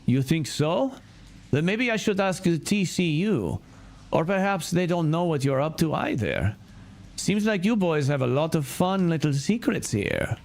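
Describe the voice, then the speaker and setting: A man voicing a smug, taunting female hacker, raising his voice high. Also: very animated, unhurried, vocal fry, a little mellow, full character voice.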